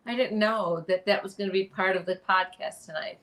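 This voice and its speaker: A woman's voice: mid-range voice, fairly even intonation, a little fast, fairly bright tone. A woman co-hosting a comedy podcast, chatting in a rambling, playfully silly way. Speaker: podcast co-host. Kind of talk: casual comedic chat.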